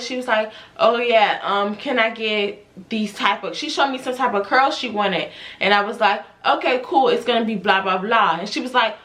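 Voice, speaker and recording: Bright high-voiced woman telling a storytime. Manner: animated, addresses viewers as y'all, acts out quotes. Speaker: hairstylist vlogger. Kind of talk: storytime vlog.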